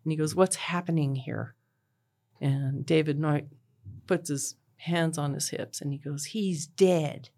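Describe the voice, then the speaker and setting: A middle-aged woman recounting a painful personal story in an interview. She talks in a halting, everyday way, stringing the events together with "and then" and "he goes", with frequent "uh" between them. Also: sits low, steady tone, mellow. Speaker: interviewee, bereaved mother. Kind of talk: personal retelling.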